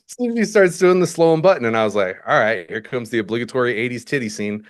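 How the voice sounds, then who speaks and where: Podcast co-host, laid-back, crude jokes, laughs a lot. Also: male voice, mid-range voice, animated, brisk. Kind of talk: casual movie recap chat.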